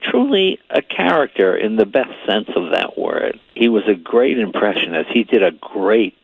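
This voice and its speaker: A man's voice: fairly low pitch, moderate pace, gravelly, slightly rough, no room sound, phone-quality sound. Rambling older man telling stories. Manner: rambling, repeats words, animated when telling a story. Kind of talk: casual anecdotal chat.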